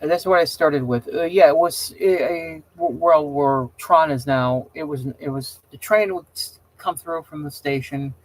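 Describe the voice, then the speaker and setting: The speaker is a middle-aged host chatting casually with viewers, rambling and opinionated, with frequent restarts and stumbles. His voice is a little high, paced moderately with few pauses. There's no room sound, though the recording is rough.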